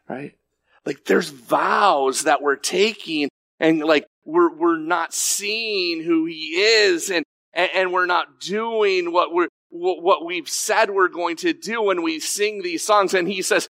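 Earnest preacher man with a bright voice. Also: fairly high pitch, measured pace, vocal fry, no room sound. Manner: earnest, confessional, acts out quoted voices; candid with restarts and repeated words. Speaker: pastor. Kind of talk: sermon.

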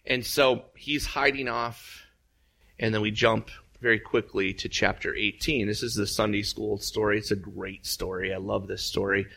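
Gravelly man preaching with animated storytelling. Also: fairly low pitch, normal speed. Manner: animated storytelling, acts out voices with big jumps up. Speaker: pastor. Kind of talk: sermon.

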